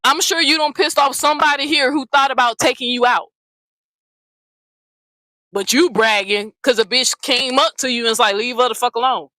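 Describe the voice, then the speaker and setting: A woman's voice: sits high, normal speed, long pauses, sharp tone, no echo, low-quality recording. Blunt, profane woman ranting, dry sound. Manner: blunt, profane, repeats herself. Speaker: commentary channel host. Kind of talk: heated casual commentary rant.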